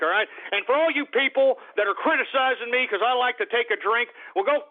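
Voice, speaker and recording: Angry radio guy yelling and swearing, high gravelly voice, sounds like a phone line. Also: moderate pace. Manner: furious, shouting and swearing, then sighing to calm down. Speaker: radio show host. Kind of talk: ranting political talk radio. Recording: tinny phone-like radio audio.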